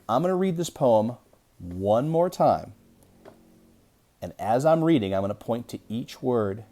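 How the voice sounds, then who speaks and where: Slow-reading man teaching young kids. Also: medium pitch, dark tone. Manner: slow, deliberate reading aloud with pauses. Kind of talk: early-grade reading lesson.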